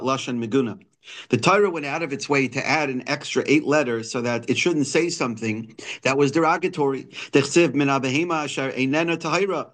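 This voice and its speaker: A man's voice: mid-range voice, fairly bright tone. Man teaching a Torah text. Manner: explains Hebrew quotes in English, many restarts and fillers. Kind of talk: daily text lesson.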